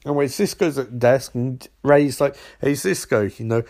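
A man's voice: mid-range voice, normal speed, darkish tone. A man doing a rambling comedic recap of a TV episode, slipping into mocking voices for the characters.

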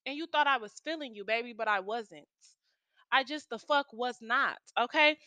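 A woman's voice: fairly high pitch, normal speed, sharp tone, no room sound, highs cut off. A woman in her twenties tells a story to her viewers, heated and profane, talking straight at them. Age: 20s. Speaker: vlogger telling a story. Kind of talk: casual storytime rant.

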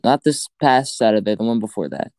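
A man's voice: lowish voice, very animated, brisk, darkish tone, no room sound. A man co-hosting a casual podcast, reacting with laughing disbelief. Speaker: podcast co-host. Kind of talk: casual chat.

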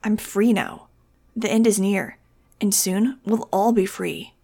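A dazed teenage boy lost in a cult's promises speaks dreamily and earnestly, as a woman reads him out in an audiobook. The voice has a gravelly edge. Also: medium pitch, fairly even intonation, normal speed, lightly acted. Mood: dreamy. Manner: dreamy, earnest, then shouting. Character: dazed teenage boy, fanatical cult follower.

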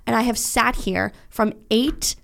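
A young woman co-hosting a podcast, telling a story in casual chat, animated and emotional, with frequent swearing. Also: fairly high pitch, measured pace, creaky. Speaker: podcast co-host.

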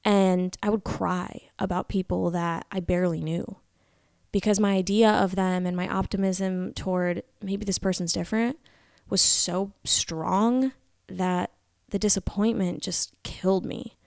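A woman's voice: medium pitch, fairly even intonation, unhurried, vocal fry, no echo, studio quality. A young woman vlogging candidly to camera, earnest and reflective, sometimes dropping to a whisper. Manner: earnest, reflective, confessional, drifting into soft whispers. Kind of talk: candid personal talk to camera.

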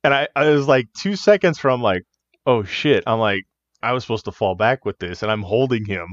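A man's voice: mid-range voice, expressive, fairly quick, dry recording. A man co-hosting a podcast, telling locker-room stories in casual chat, laughing often and swearing freely. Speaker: podcast co-host, wrestler. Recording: dull, muffled audio.

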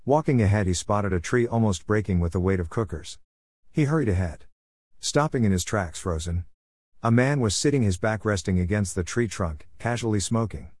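A man narrating a short story in a steady, even reading voice, in a close, dry recording. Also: on the low side, moderate pace, no room sound.

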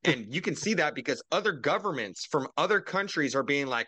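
A young man co-hosting a podcast over a video call, ranting and swearing in casual chat, jumping into loud mocking quotes. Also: mid-range voice, animated, a little fast, dry recording. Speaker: podcast co-host.

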